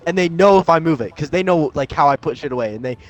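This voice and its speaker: A man's voice: a little high, animated, fast talker, natural voice. Brief: guy doing a bossy, foul-mouthed camp counselor, plain everyday voice, pushy. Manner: bossy, swearing, dramatic threats. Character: hot-tempered male camp counselor, young adult.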